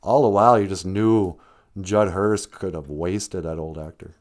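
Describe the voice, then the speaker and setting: A man's voice: deep voice, fairly even intonation, measured pace. A man hosting a live stream, retelling a film in a rambling, chatty way. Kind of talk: casual storytelling.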